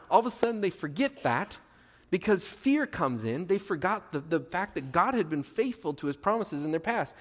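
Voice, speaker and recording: Man preaching in a reverberant hall. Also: fairly high pitch. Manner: repeats key phrases, asks the congregation questions. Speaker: pastor. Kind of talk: sermon.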